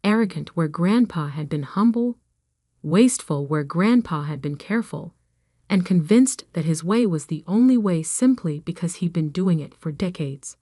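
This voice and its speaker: A woman narrating a first-person drama story in a calm, measured way. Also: fairly low pitch, no room sound, clean studio sound.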